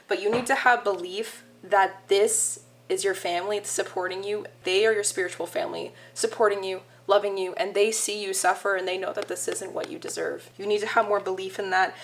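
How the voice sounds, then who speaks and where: A woman's voice: medium pitch, vocal fry, fairly bright tone, a little hiss or hum. Young woman, tarot reader, heartfelt and emotional, addresses the audience directly. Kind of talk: pick-a-card tarot reading.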